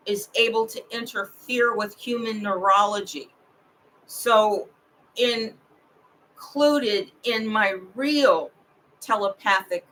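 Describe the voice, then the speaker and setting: A woman talks at home in a slow, drawn-out livestream monologue that drifts from one thought to the next. Her voice is bright and forward, and the pitch sits in a middle range. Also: poor audio. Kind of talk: rambling personal livestream monologue.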